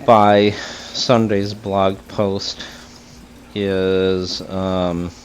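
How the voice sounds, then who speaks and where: A man on a casual podcast explaining upcoming work, unhurried and clearing his throat now and then. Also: low-pitched, little pitch movement, a little hiss or hum. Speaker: developer explaining panels. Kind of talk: casual chat.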